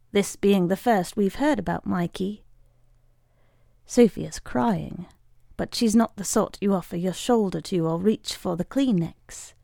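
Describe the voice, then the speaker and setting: A woman reading a short story aloud in a wry, measured way. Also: medium pitch, gravelly, dark tone, no room sound, studio quality. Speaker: reader.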